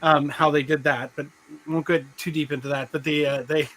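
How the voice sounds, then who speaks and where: On a rough live-stream recording with a little background noise, a middle-aged podcast host rambles through casual chat. He speaks briskly in a slightly high, level, fairly bright voice, frequently restarting and laughing mid-sentence.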